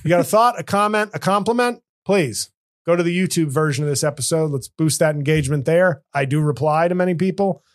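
A man's voice: fairly high pitch, brisk. A man hosting a comedy podcast, talking casually in rambling, self-interrupting runs with joking asides. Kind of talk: casual chat.

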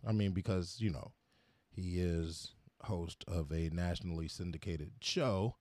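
A man's voice: deep voice, measured pace, darkish tone, dry recording. A man hosting a podcast in casual chat, laid-back and slangy, with some hesitations. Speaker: podcast host.

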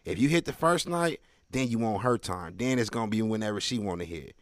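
Loud animated man doing stand-up. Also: lowish voice, brisk, no room sound, clean studio sound. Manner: loud, animated, slangy street talk with crowd asides. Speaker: stand-up comedian. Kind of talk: stand-up comedy set.

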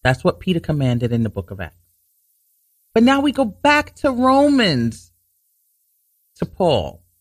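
A man hosting a Bible teaching talk show, explaining scripture earnestly, restarting sentences to stress his points and reading verses slowly. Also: high voice, huge pitch swings, no echo, studio quality. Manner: reads scripture slowly and deliberately.

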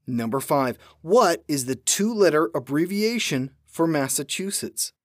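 A man's voice: on the high side, a little slow, no echo, studio quality. A man hosting a trivia podcast, reading questions in a playful manner. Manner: animated, playful. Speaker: podcast host, trivia quizmaster.

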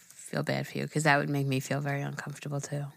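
A woman's voice: low voice, completely flat delivery, fast, creaky, no room sound, clean studio sound. A woman co-hosting a podcast in casual chat, making short, wry, self-mocking remarks. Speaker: podcast co-host.

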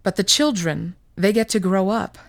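A woman voicing a calm persuasive fairy prince. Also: medium pitch, moderate pace, no echo, lightly acted. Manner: calm, reasoning, gently persuasive. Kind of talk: storytelling podcast reading.

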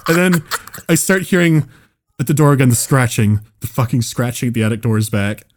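A man telling a long story on a casual comedy podcast, rambling and restarting sentences, swearing and laughing as he goes. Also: medium pitch. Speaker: podcast co-host.

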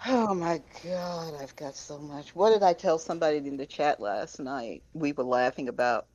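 Low-voiced playful woman co-host. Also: normal speed, a little mellow, muffled recording. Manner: playful, teasing, laughs often. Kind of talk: casual chat.

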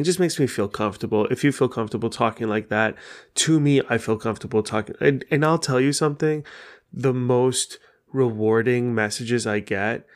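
A man whose first language is Persian talks alone on his podcast in a loose, unscripted way, his voice sitting at a middle pitch. He swears often and without apology. He circles back on his points with plenty of "uh" and "like.". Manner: profane, frank, rambling with many fillers. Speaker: podcast host. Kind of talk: casual solo podcast talk.

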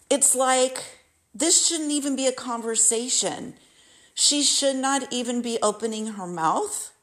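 A married woman ranting about someone who keeps prying into her life, frustrated and indignant, acting out her own retorts in bursts. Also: a little high. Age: adult, married. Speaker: vlogger venting about a masseuse. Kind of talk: emotional personal rant.

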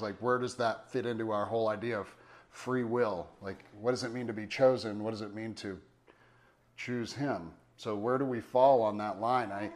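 A man reading scripture aloud and then teaching on it in a casual, conversational way, with many fillers and emphatic asides. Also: fairly low pitch. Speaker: Bible teacher. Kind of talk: casual Bible study teaching.

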